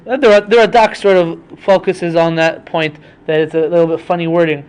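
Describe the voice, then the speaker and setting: A young man with a notably high voice casually unpacks a Bible story for his podcast. He explains it conversationally, working Hebrew terms into his talk. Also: steady tone, brisk, clear, resonant tone. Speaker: podcast host teaching Bible stories. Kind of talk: casual Torah study talk.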